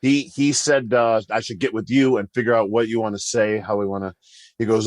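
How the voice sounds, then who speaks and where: A man guest on a podcast, telling a story in a casual, animated way, acting out quotes and laughing as he goes. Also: lowish voice, brisk, no room sound.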